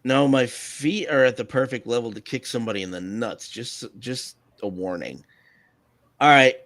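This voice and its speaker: A man's voice: mid-range voice, normal speed, fairly bright tone, no room sound. A man hosting a live stream, chatting casually with a co-host, hesitant and often chuckling. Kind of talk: casual chat.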